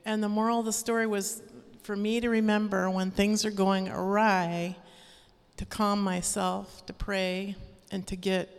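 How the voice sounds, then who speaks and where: A woman sharing an earnest, animated personal testimony as a praise report at a church gathering. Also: medium pitch, unhurried, smooth. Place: church hall. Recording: long reverb of a hall.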